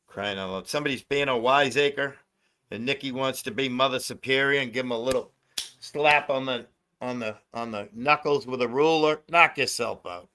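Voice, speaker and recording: Chatty older man, bright voice. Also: medium pitch, moderate pace. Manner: loose, profane, laughs a lot. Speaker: livestream host. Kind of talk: casual livestream chat. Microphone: phone.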